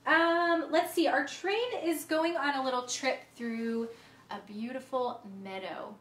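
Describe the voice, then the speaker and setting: On an indoor livestream, a young woman leads a music and movement class for little kids in a high, slightly bright voice at a measured pace. She's playful and sing-song, breaking into song often and playing vocal games. The room is echoey, with a faint hiss or hum.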